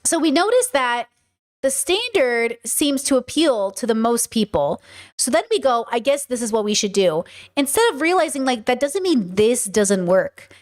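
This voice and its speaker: A woman hosting a podcast in a casual monologue, animated and blunt, swearing freely and often restarting her sentences. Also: fairly high pitch, moderate pace. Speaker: podcast host.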